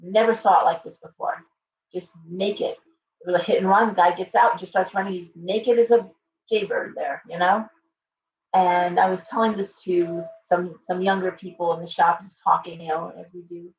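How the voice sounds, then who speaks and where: A shop owner hosting a live stream speaks in a lowish female voice with fairly even intonation and a moderate pace, rambling casually and greeting viewers by name. The lo-fi sound is roomy, distant, and dull, with a faint hum.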